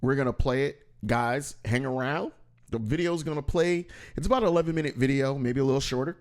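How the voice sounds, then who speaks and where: Casting: middle-aged male comedian host, relaxed chat, animated storyteller who acts out quotes loudly. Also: mid-range voice, brisk. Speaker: podcast host and stand-up comedian. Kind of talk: casual conversational chat.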